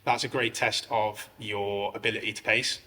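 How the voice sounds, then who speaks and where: Male podcast co-host, bright tone, rambling casual chatter, long hall reverb. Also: fairly low pitch, normal speed. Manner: rambling, heavy use of "like", animated when telling stories. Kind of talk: casual fitness chat.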